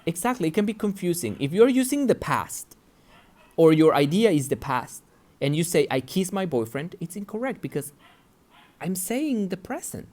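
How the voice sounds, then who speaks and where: A man's voice: sits high, big pitch swings, normal speed, darkish tone. A man teaching English pronunciation, patiently repeating example words and checking in with his listeners. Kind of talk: pronunciation lesson.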